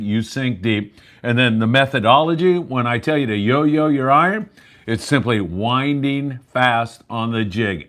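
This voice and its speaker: A man hosts a live fishing report from a landing, talking in a chatty, upbeat way. He rambles a little and fills pauses with "uh" and "um". His pitch sits in a plain middle range. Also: a bit bright. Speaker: fishing show host. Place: sportfishing landing.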